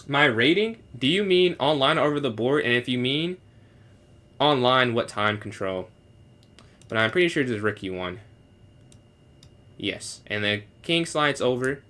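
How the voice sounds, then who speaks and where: A young man with a bright, ringing voice chats casually through a chess stream, reasoning out loud about each move. He answers his viewers as he goes, now and then slipping into halting classroom French. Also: mid-range voice, animated. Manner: thinks aloud, answers chat questions, switches into halting beginner French. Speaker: chess streamer solving puzzles with chat. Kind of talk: casual live-stream commentary.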